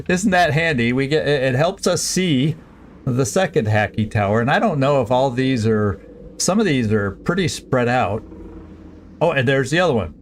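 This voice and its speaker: A man streaming a strategy game, planning his moves aloud in a halting, casual way with frequent restarts. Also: mid-range voice, expressive, a little hiss or hum. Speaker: gameplay streamer. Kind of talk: casual let's-play commentary.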